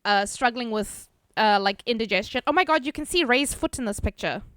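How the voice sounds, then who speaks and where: A woman's voice: on the high side, animated, brisk, a bit bright, smooth, no room sound, clean studio sound. A woman streamer chatting casually with her live chat, laughing often, swearing casually, and reading viewer names aloud.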